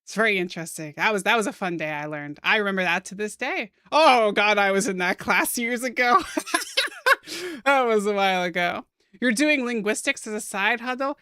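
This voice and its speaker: Soft-spoken giggly American woman streamer. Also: mid-range voice, smooth, no room sound, studio quality. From United States. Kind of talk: casual chat with stream chat while drawing.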